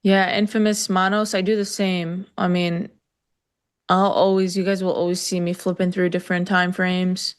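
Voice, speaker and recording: A woman's voice: lowish voice, level tone, normal speed, smooth. A woman co-hosting a live trading stream, talking loosely with fillers and answering chat viewers in casual conversation.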